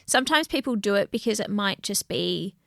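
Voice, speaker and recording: Woman, podcast co-host, casual chat, earnest and animated, gravelly fry in the voice, dry close sound. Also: mid-range voice, brisk, no room sound.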